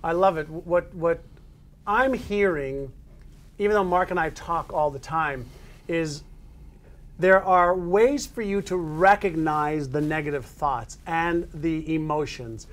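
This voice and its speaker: A man hosting a talk, affirming his guest and summing up his points in a relaxed conversational way. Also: on the high side, slow. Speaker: host. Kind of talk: conversational interview.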